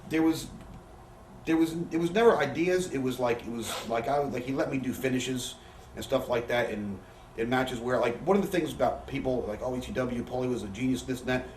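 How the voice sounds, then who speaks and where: A man with a medium-pitched, slightly mellow voice talks a little fast while sharing frank, foul-mouthed stories as a guest in an interview. His anecdotes wander, and he often imitates other people's words. Captured in a living room, the audio is roomy and far off, with faint hiss.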